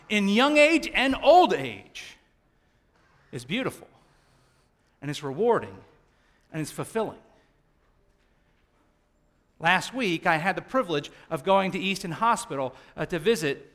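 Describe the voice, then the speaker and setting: A middle-aged man preaching a sermon as pastor, animated and swinging down to quiet tones for emphasis. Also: high voice.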